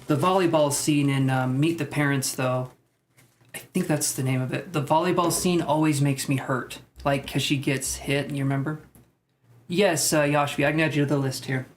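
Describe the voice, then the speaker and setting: A man's voice: a little high, fairly even intonation, normal speed, slight background noise. A man giving tarot readings on a live stream, chatting loosely and joking with viewers between cards. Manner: loose and jokey, rambling asides to viewers. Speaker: tarot reader.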